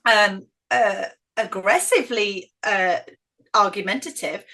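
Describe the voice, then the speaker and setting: A middle-aged woman with a northern English accent, telling stories as an interview guest in an outspoken, animated way. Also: mid-range voice, takes it slowly. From northern England. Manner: outspoken, animated, acts out quoted voices. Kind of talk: casual interview storytelling.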